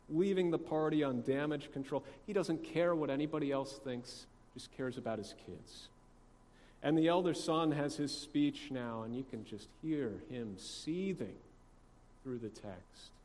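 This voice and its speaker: A man preaching a sermon in a conversational way, asking rhetorical questions and swinging between soft asides and loud emphasis. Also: a little high, in a large hall. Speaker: pastor.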